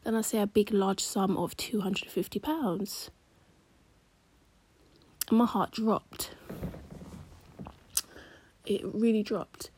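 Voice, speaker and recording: A woman telling a personal story in a chatty, slangy vlog, often dropping into hushed asides. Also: medium pitch, fairly even intonation, slow pace, pauses often, slightly rough. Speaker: vlogger.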